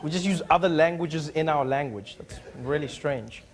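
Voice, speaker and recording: A man's voice: a little high, normal speed, some chatter behind. A man hosting a comedy show, joking with audience members and slipping into mock accents, laughing often. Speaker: talk show host bantering with audience. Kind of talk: improvised comedy crowd work. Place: studio with live audience. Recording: live studio audience, noisy.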